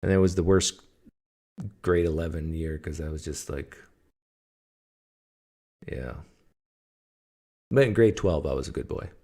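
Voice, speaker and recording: A man's voice: extremely low pitch, measured pace, long pauses, dark tone. A man from Canada hosting a casual livestream, telling stories in a joking, teasing way. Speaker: host.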